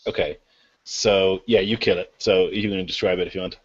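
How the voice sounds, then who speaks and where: A man running a tabletop game as game master, explaining rules in a relaxed, laughing way. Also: low-pitched, moderate pace, husky. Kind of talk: narrating a tabletop game over an online call. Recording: dull lo-fi call audio.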